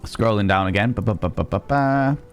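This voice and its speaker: A man's voice: on the low side, brisk, smooth, soft background music. Swearing man telling stories. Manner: animated storytelling, swears freely, wry. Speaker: streamer and sex educator. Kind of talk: casual live-stream chat.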